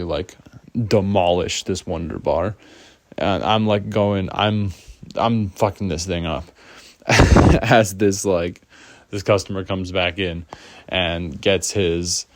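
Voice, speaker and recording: Low-voiced man rambling through a story. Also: no room sound. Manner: rambling, full of "like" fillers, laughs often. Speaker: storyteller vlogger. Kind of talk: casual storytime.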